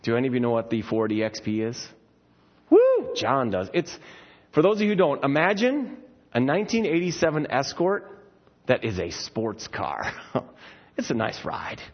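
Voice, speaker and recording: A man's voice: mid-range voice, very animated, moderate pace, muffled recording. A man preaching a sermon, telling stories with playful asides.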